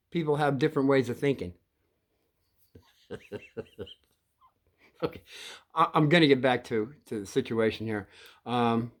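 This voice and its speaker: Older male storyteller, casual and meandering, lots of restarts and throat-clearing. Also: medium pitch. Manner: rambling, halting, many restarts and throat-clearing.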